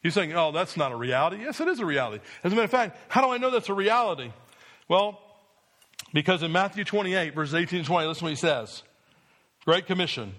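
High-voiced guy preaching a sermon, pushes hard on repeated lines then drops way down low. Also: lively intonation, quick pace, a bit bright. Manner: preaching with rising emphatic repetition, dropping low for stress. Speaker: pastor.

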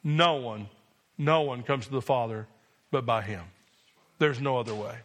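A man's voice: mid-range voice, normal speed, fairly bright tone. A male pastor preaching a sermon in a church, emphatic and insistent, punctuating points with "Amen?". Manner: emphatic preaching with repeated call-and-response "Amen?".

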